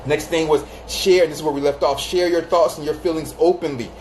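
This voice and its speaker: A man's voice: fairly high pitch, fairly even intonation, brisk, a little mellow, slight background noise. A man from Florida giving relationship advice on a live stream, talking casually and greeting viewers by name. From Florida, United States. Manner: chatty, greets viewers by name, acts out quoted voices.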